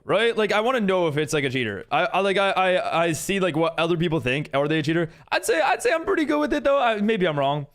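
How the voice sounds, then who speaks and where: A fairly high-voiced man streaming a game live, chatting loosely with his viewers. He rambles, piles up "like"s and restarts sentences, and greets newcomers with upbeat energy. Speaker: livestreamer and server host. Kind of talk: casual live-stream chat while gaming.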